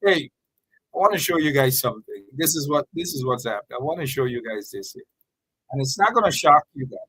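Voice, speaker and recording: A man's voice: medium pitch, animated, brisk, pushed and bright, husky. A man hosting political commentary, mocking in a sing-song, repetitive way.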